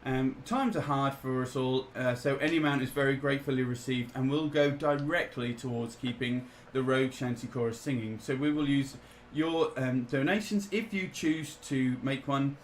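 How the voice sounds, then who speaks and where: Male livestream co-host, relaxed and wry, mid-pitched voice, faint noise. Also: normal speed, hardly any pauses. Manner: relaxed, restarts often, wry. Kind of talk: casual livestream chat with announcements.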